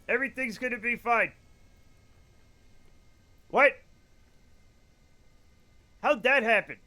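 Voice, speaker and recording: Bright, high-voiced joking male streamer. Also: slow, pauses often. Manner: rambling, jokey, talks to chat while playing. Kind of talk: casual gaming livestream chat.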